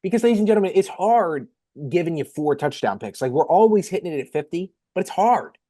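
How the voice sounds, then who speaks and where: A young man co-hosting a casual sports betting podcast, rattling off picks quickly and energetically. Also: high voice, expressive, dark tone. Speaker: podcast co-host.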